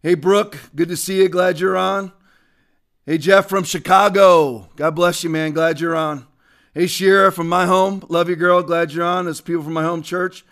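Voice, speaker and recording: A man's voice: high voice, fairly even intonation, moderate pace, fairly bright tone, clear, resonant tone. A man hosting a religious and political livestream, speaking fervently and greeting viewers by name. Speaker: livestream host.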